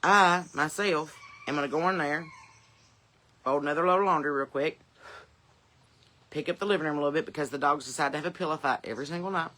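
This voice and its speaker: A woman's voice: low voice, quick pace, long pauses, pushed and bright. A woman with a Southern accent, hosting a podcast from her porch in blunt, folksy, profane chat, with chickens clucking nearby. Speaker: podcast host.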